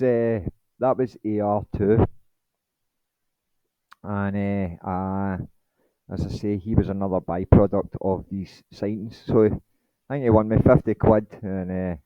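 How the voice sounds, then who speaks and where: A man's voice: on the low side, fairly even intonation, measured pace, pauses often, clear, resonant tone, no echo, dull audio. A man hosting his channel in a rambling late-night monologue, blunt and swearing, with many ums. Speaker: channel host.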